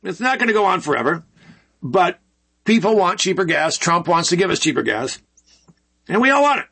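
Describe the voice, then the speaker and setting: A man's voice: high voice, big pitch swings, fairly quick, gravelly, bright, forceful tone, slightly rough. A man hosting casual political commentary, folksy and rambling with sarcastic asides.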